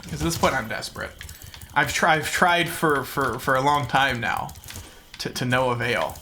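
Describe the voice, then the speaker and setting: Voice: medium pitch, normal speed, bright, forceful tone, slight background noise. A game streamer chatting casually and jokingly with viewers while playing. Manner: self-mocking, jokey, talks to chat. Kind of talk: casual live-stream chat while gaming.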